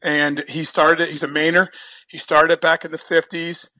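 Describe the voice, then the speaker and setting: A man from New Jersey spins a long story in easy, rambling conversation. His voice sits a little high and sounds bright and sharp. He often stumbles over his first words and breaks into laughs. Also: level tone, normal speed. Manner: chatty, repeats words when starting sentences, laughs often. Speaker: guest telling a story. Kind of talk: casual storytelling.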